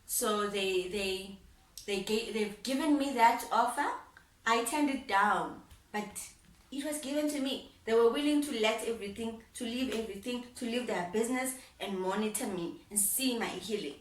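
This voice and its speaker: A woman's voice: fairly high pitch, moderate pace. A young woman vlogger telling a personal story in a heartfelt way, repeating phrases and laughing often. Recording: roomy sound, mic at a distance.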